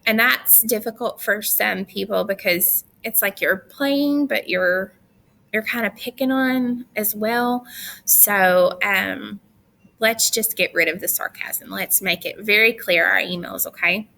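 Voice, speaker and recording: A young woman teacher talks her students through recorded instructions in a bright, crisp voice at a middle pitch. She sounds chatty and firm, and she drops in teasing asides as she goes. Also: a little slow.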